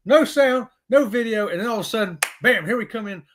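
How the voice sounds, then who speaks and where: High-voiced, chatty man hosting a live stream. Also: fairly quick, background noise. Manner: chatty, folksy and excitable, often says y'all. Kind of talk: casual live-stream chat.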